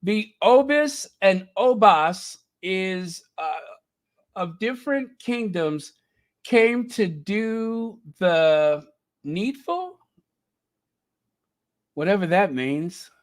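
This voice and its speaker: Talking extremely slowly with frequent pauses, this channel host has a high-pitched, animated voice. He chats casually and thinks out loud while addressing viewers directly in live reaction commentary.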